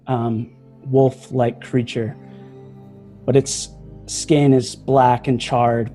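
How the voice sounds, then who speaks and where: A man at a middling pitch narrates a tabletop game slowly and deliberately. He describes each scene at length, pausing often with fillers, while faint music plays behind him. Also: mellow. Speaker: game master.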